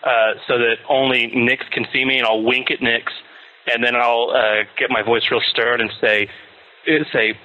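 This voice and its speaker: Bright-voiced man playing a tabletop game. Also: medium pitch, level tone, moderate pace. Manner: hesitant, describing actions in first person. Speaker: player. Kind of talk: casual tabletop play. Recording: dull lo-fi sound.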